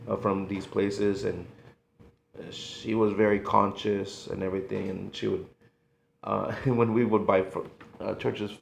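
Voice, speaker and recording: Middle-aged male vlogger, slow gravelly delivery, nostalgic and halting, roomy echo. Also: lowish voice, little pitch movement, slight background noise. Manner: emotional, halting, sighing, nostalgic. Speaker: food vlogger. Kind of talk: casual reminiscing monologue. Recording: echoey room.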